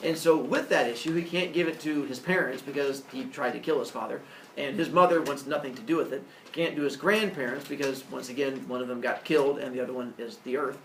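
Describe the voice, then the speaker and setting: A man teaching a class, telling myths in a jokey, animated way. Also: mid-range voice, a little fast, slight background noise. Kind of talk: classroom lecture, storytelling. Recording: roomy echo, distant mic.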